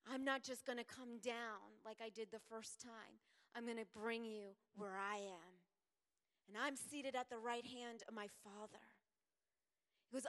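High, bright-voiced woman preaching in a hall. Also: fairly even intonation, moderate pace. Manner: swings from soft whispers to loud pleading. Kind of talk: sermon. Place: church sanctuary.

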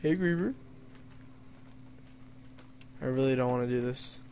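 A man's voice: medium pitch, a little slow, a little mellow, slight background noise. A young man doing let's play commentary, reading story lines in a mock-dramatic tone and joking wryly at himself. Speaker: gamer playing an adventure map.

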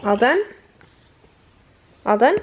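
A woman's voice: on the high side, sing-song, takes it slowly, highs cut off. A woman filming her children at home, talking to them in a sing-song baby voice and laughing often. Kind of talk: casual family vlog.

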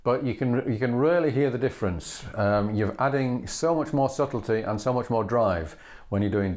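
In an instructional demonstration, a man with a medium-pitched voice speaking at normal speed patiently and methodically teaches fiddle bowing, singing rhythms aloud between spoken steps. Loud fiddle playing fills the gaps between phrases.

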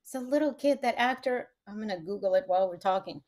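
A woman's voice: mid-range voice, quick pace, darkish tone. A woman, a matchmaker and author, chatting casually on a podcast and often laughing as she retells family stories. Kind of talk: casual chat.

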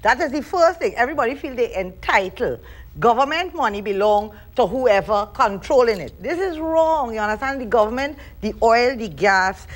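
A woman with a Trinidadian accent and a high voice talks in a casual interview. She hosts her own show, uses Creole grammar, and keeps checking in with "you understand?". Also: expressive, normal speed. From Trinidad and Tobago. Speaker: show host.

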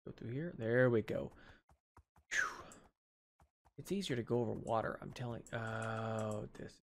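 With a sore jaw after dental work, a man hosting a gaming channel casually comments on his video game in let's play style, chatting to himself and the animals on screen. He speaks unhurriedly in a fairly low voice.

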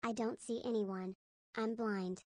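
A text-to-speech woman's voice reads donation messages aloud. It sounds slightly high, breathy and dry, with a flat, even delivery. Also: unhurried, no room sound.

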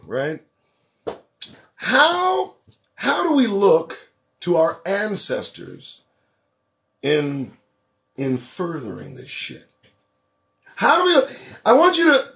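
Hosting his own show, a man delivers a profane, preachy political monologue that swings between loud emphasis and quiet asides.

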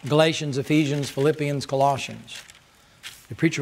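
A man preaching a sermon as pastor, impassioned and rising to high, loud stretches. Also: normal speed, a little hiss or hum.

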